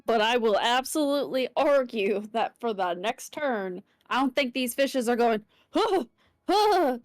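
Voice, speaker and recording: Woman, tabletop player, high-pitched, argumentative, dry close recording. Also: moderate pace, dry recording, faint music behind. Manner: argumentative, blunt, joking. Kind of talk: casual tabletop game chat.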